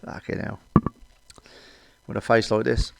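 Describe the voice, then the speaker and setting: A man's voice: fairly low pitch, little pitch movement, a little slow, vocal fry, no room sound. A middle-aged British man doing a crude stand-up comedy monologue, blunt and cheeky, swearing often. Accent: British English.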